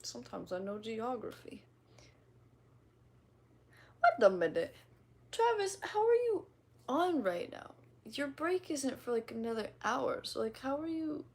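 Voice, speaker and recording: Young woman, slight Midwestern twang, vocal fry, higher voice, rambling livestream chat. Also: big pitch swings, unhurried, pauses often. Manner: rambling, giggly, casually swearing. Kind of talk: casual chat reading viewer comments.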